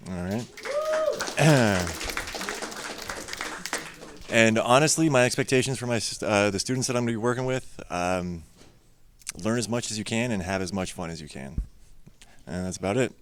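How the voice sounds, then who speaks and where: A man engineer introducing himself plainly, halting with frequent fillers. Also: on the low side, animated, a little hiss or hum. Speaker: engineer mentor. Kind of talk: self-introduction at an event.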